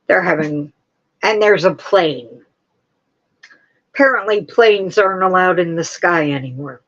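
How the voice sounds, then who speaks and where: A woman's voice: lowish voice, unhurried, fairly bright tone, highs cut off. A woman hosting a casual home livestream, chatting to viewers and breaking off to scold her dogs. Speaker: crochet livestream host. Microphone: camera on a tripod.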